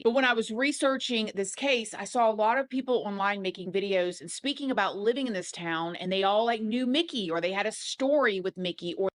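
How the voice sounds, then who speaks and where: Chatty woman narrating true crime. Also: mid-range voice. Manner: chatty storytelling with fillers like "like". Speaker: true crime video creator.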